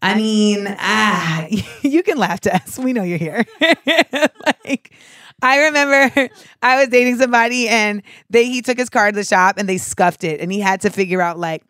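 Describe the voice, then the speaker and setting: A woman hosting a podcast in casual chat, telling stories in an animated, profane way full of asides. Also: a little high, moderate pace, no echo, clean studio sound. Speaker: podcast host.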